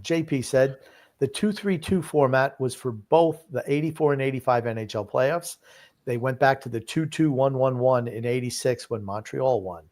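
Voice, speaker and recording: An older man co-hosts a casual sports podcast and reads chat comments out loud. He jokes and teases the others in easygoing banter. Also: medium pitch, moderate pace. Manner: teasing, joking, reads comments aloud. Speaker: co-host reading chat comments.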